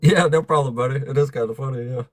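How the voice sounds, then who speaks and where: A man's voice: medium pitch, fast talker, no echo. A man with an Alabama accent hosting a live stream, talking casually and bluntly, swearing freely and laughing often. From Southern US.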